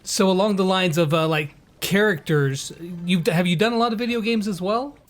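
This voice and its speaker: A man hosting an interview, enthusiastic and quick to laugh. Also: high-pitched. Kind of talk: interview chat.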